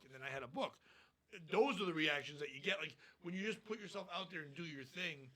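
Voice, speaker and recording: A man's voice: on the high side, fast talker, pushed and bright. A man, a stand-up comedian, talking bluntly and profanely in a casual podcast interview.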